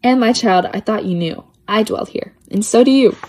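A woman's voice: mid-range voice, normal speed, a little mellow. A woman reading children's poems aloud with a lilting, playful sing-song delivery. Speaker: poetry reader.

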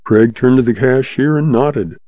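A man narrating a western story in a steady, measured reading. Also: medium pitch, dry recording. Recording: dull lo-fi sound.

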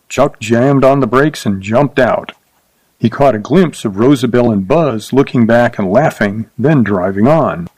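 A man narrating a short story aloud in a steady, measured reading. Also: medium pitch, no room sound, rough recording.

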